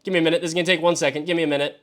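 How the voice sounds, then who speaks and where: A man hosting a live stream as he works through a mock draft, talking to himself and swearing freely. He swings between exasperated yelps and low mutters. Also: fairly even intonation, very fast, a bit bright. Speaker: fantasy football show host. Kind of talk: live-streamed solo commentary.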